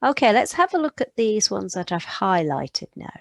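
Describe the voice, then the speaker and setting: A woman's voice: medium pitch, very animated, normal speed, creaky, no echo. A woman patiently teaching French phonics to children, modelling each sound aloud. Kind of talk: recorded phonics lesson for children.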